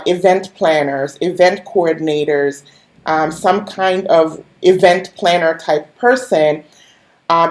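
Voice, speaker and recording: A woman's voice: fairly low pitch, a little mellow. A woman coaching her viewers on a live stream in a chatty, playful way, talking straight to them and making asides. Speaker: online business coach. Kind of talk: casual live-stream teaching.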